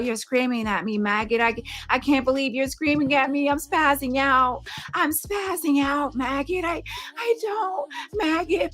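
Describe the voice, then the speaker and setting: A woman's voice: fairly high pitch, pushed and bright. A woman putting on a whiny, fragile woman who pleads and stammers about being doxed.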